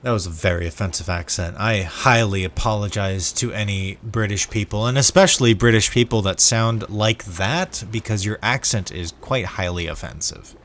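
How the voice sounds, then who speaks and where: Chatting loosely while he plays, this gaming vlogger from the United States sounds sleep-deprived, repeating words and wandering between asides. He speaks at a moderate pace with hardly any pauses, in a lowish voice with a fairly bright tone.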